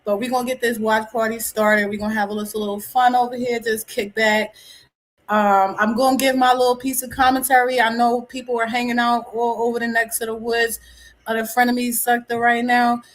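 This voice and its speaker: Hyped woman streamer, fairly high voice. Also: little pitch movement, brisk, low-quality recording. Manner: hyped, chatty, greeting viewers by name. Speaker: livestream host. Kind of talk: casual livestream chat.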